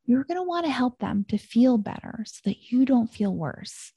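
A woman hosting a solo podcast, giving a gentle, reassuring teaching talk that repeats calming phrases. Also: fairly high pitch, normal speed, husky, no echo. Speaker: podcast host.

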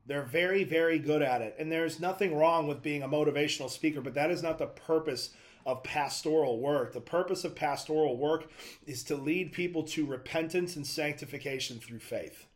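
A man's voice: a little high, normal speed. A young adult man giving a preaching monologue as a Christian speaker, telling stories in an earnest, conversational way.

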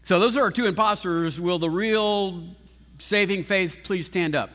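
Animated pastor preaching in a reverberant hall. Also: male voice, sits high, a little slow. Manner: animated, emphatic, with frequent restarts. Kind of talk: sermon.

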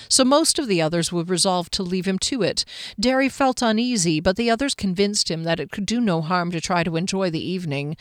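A woman narrating a fantasy story aloud in a steady, even storytelling manner. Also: fairly low pitch, clear, resonant tone, dry recording, studio quality. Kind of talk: audiobook narration.

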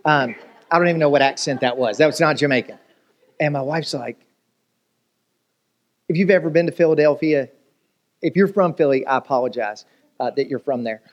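A male pastor preaches in a lively, storytelling way. He jokes, asks the crowd rhetorical questions, and keeps his voice a little higher than most men's. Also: brisk, long pauses, lo-fi sound. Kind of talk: sermon.

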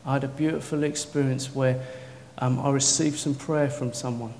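A man preaching a sermon in a church, telling stories with swings from quiet to loud, wearing a mic. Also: mid-range voice, moderate pace. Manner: excitable storytelling, swinging from soft to loud. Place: church hall. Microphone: worn mic. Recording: echoey hall, faint noise.

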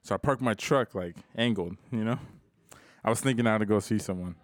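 A man's voice: lowish voice, fairly quick, no room sound. A young man co-hosting a podcast, telling a story in casual chat, swearing a lot and laughing as he goes. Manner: swears a lot, laughs through his stories. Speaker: podcast co-host.

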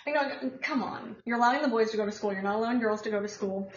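A rambling American woman hosts a casual news chat, her voice a touch high. She pauses often on filler words. The sound is roomy and slightly muffled. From United States. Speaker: podcast host.

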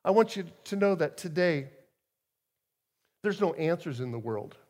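A middle-aged man preaching a sermon as a guest speaker, telling stories with emphatic swings between soft and loud. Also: on the high side, animated, a little slow. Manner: storytelling, emphatic swings in loudness.

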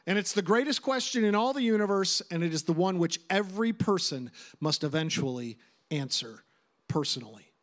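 Emphatic high-voiced male pastor. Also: a bit bright. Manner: emphatic, repeats phrases for stress, conversational asides. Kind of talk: sermon.

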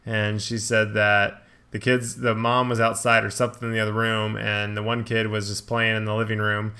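Gravelly, flat-voiced podcast man. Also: fairly low pitch, normal speed. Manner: hesitant, trails off in asides. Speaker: podcast co-host. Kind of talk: casual chat.

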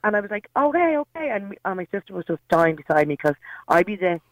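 A woman's voice: on the low side, quick pace, dry recording, low-quality recording. An Irish woman calling in to a radio show, telling a story in a chatty way with plenty of hesitant fillers. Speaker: caller. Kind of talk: phone-in chat.

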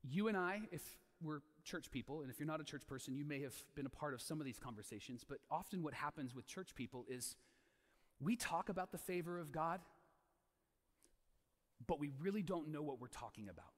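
Animated preaching man in reverberant hall. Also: fairly high pitch, a little fast. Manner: animated, acts out quoted voices, repeats key lines. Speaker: pastor. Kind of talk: sermon.

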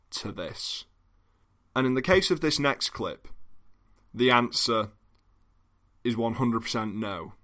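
A man's voice: fairly low pitch, bright, forceful tone. A British man hosting a comedy podcast, talking in a dry, wry, mock-apologetic way. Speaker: podcast host. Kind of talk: casual comedy podcast talk.

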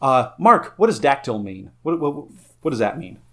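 A man's voice: medium pitch, very animated, normal speed, bright, forceful tone. A man co-hosting a podcast, casually and playfully explaining things with enthusiasm. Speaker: podcast co-host.

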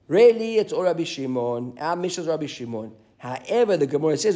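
A man teaching a live Talmud class, reading Aramaic passages and explaining them in English with animated asides. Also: on the high side, fast, hardly any pauses.

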